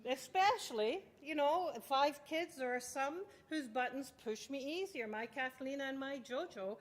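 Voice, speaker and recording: A woman's voice: high voice, measured pace, hardly any pauses. A middle-aged woman gives an intense, emphatic talk to parents in a lecture hall. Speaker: child development speaker. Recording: long hall reverb.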